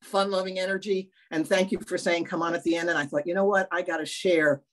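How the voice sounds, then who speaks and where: An older woman talking candidly on a video call, animated and self-mocking, swearing now and then. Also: on the low side, fast. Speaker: workshop participant. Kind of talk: emotional personal sharing on a video call.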